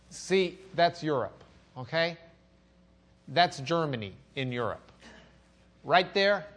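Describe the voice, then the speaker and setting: A man with a Texan accent, from Lubbock, teaching a church class in a conversational sermon style, swinging between loud questions and quiet musing. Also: on the high side. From Lubbock, Texas.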